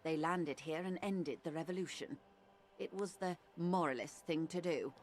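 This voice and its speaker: An actress plays a composed, worldly woman speaking in a game. Her voice sits a little low, and she lays out each point in a measured, dry way. She never raises her tone. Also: lightly acted. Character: cool, worldly woman explaining politics. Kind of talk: game voice acting.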